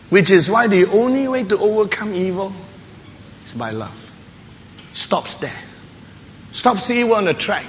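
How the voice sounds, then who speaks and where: Male pastor, animated and laughing storyteller, bright voice in a reverberant church hall. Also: fairly high pitch, slight background noise. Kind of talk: sermon. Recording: long hall reverb with faint ambience.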